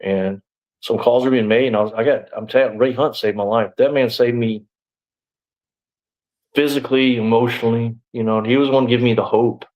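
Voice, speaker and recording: A man's voice: medium pitch, steady tone, a little fast, darkish tone, poor audio. A middle-aged man telling his story as an interview guest, rambling and blunt, full of "you know" and restarts. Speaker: interview guest, former sheriff's deputy.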